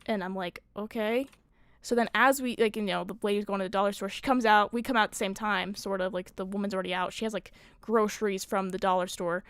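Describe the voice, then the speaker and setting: A woman's voice: mid-range voice, steady tone, fast, a bit bright, clean tone, dry recording, clean studio sound. A young woman streaming, telling a rambling story in casual chat, full of fillers and swearing.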